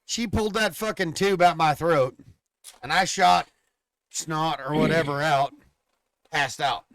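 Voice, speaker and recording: A man's voice: on the high side, unhurried, a bit bright, dry recording. A man telling a crude hospital story in casual podcast chat, acting out what people said. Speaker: podcast co-host.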